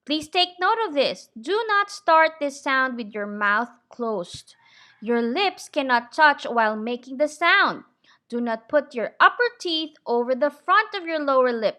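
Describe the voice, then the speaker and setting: A woman teaching English pronunciation in a slow, clear lesson. She is patient, often checks in with "okay?" and drills words slowly and deliberately. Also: high voice, sharp tone.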